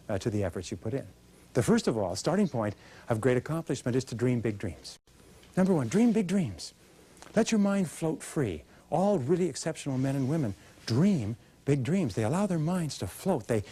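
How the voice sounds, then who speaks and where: A man's voice: medium pitch, mellow, slightly rough. A man giving a motivational seminar talk, emphatic, asking rhetorical questions and having the audience repeat his lines. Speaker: motivational speaker.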